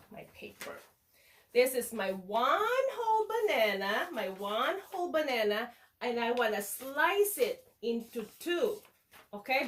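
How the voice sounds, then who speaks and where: Woman teacher, kids' lesson, unhurried, slightly high voice, playful sing-song delivery. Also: slight background noise. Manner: playful, sing-song, talks to the viewer as a child. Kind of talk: children's lesson demonstration.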